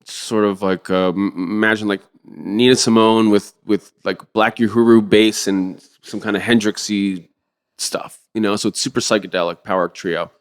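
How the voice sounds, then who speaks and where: A middle-aged man telling a story in a casual interview, acting out the quotes with sudden high-pitched outbursts and swearing freely. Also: steady tone, moderate pace, smooth. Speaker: drummer and podcast guest.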